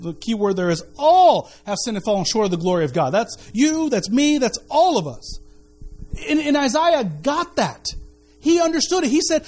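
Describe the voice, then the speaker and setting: A man with a strikingly high-pitched voice preaches a sermon as a pastor. His delivery swings widely in pitch as he repeats key phrases and stumbles over restarts. He sounds animated and conversational from the pulpit. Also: moderate pace.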